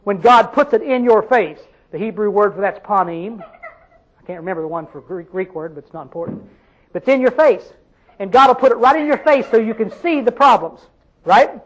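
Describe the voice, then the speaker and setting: High-pitched folksy Southern preacher man. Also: animated, normal speed, a bit bright, poor audio. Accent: Southern American. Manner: folksy, emphatic, calls out to the congregation. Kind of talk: sermon.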